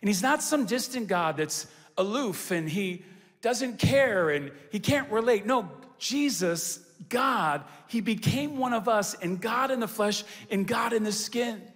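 Male pastor, high tenor, preaching style with repeated emphatic lines, live in a large reverberant church hall. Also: lively intonation, a little slow, fairly bright tone. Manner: call-and-response preaching, repetitive emphatic phrasing. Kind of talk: sermon.

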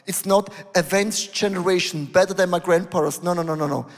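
A high-pitched man preaching from the stage, his voice ringing with the long reverb of a church hall. He swings between hushed, low passages and sharp, loud outbursts. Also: brisk. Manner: emphatic, switching between lowered tones and raised exclamations. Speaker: pastor. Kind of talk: sermon.

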